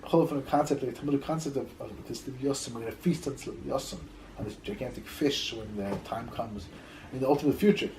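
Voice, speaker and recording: A man's voice: mid-range voice, quick pace, darkish tone, a little hiss or hum, low-quality recording. A rabbi teaching a Torah class in a loose, conversational way, telling stories, repeating words as he thinks, and dropping in Hebrew terms.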